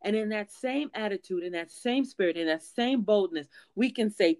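Woman preacher, sermon, earnest and emphatic, halting with fillers, dry close sound. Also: mid-range voice, animated, a little mellow, dry recording.

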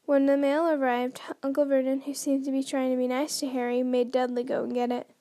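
Woman host reading aloud, high and soft-toned, dry close sound, frequent stumbles and restarts. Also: completely flat delivery, a little fast, no echo. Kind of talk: unrehearsed read-aloud narration.

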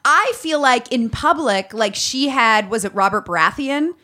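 Woman podcast host, higher voice, teasing and jokey, casual chat. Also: animated, bright, forceful tone. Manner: playful, teasing, quick asides.

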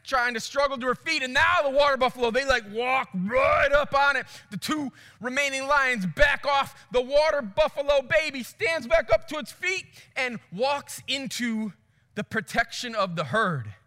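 A man preaching with a high, bright voice. His delivery is animated, swinging from hushed to loud, and it rings with a long hall reverb. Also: moderate pace. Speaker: pastor. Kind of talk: sermon.

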